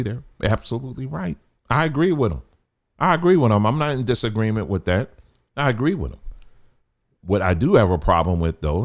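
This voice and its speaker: A man's voice: lowish voice, darkish tone. A man hosting a livestream, talking emphatically, repeating his points and asking rhetorical questions. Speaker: livestream host. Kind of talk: livestream commentary.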